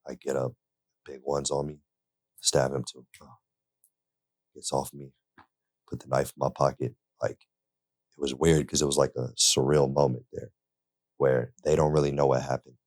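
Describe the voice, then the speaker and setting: His bass voice barely moves in pitch, with a darkish tone, a moderate pace and frequent pauses. This young man is doing casual storytelling about himself in an interview studio, laid-back and full of "like" and "right?". Studio-quality audio, no room sound.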